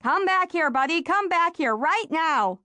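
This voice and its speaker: A woman's voice: high voice, expressive, moderate pace, dry recording. A woman voicing an earnest, playful young boy in an audiobook. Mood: calling. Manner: earnest, encouraging. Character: patient, playful young boy training his dog. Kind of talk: audiobook character voice.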